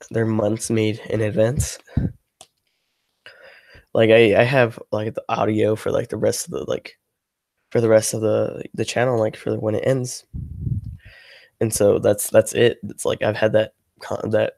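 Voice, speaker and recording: Guy venting on his stream, kinda gravelly, all "like like like", dry no-room sound. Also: medium pitch, darkish tone, no room sound. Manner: rambling, frustrated, heavy on "like" fillers; swears freely. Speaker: ASMR channel creator, livestreaming. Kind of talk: casual livestream rant.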